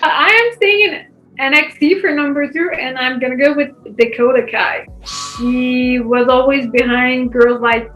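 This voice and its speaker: French canadian woman, high voice, jokey casual chat, echoey. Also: unhurried, a bit bright, faint music behind. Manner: joking, laughs often at herself. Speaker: guest co-host.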